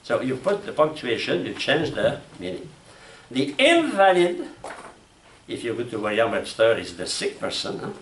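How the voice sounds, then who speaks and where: A man from France with a French accent, giving a classroom lecture on logic, speaking haltingly with restarts and asking "huh?" and "you know?". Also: lowish voice, animated. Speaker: logic instructor. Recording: echoey room from far off, faint noise.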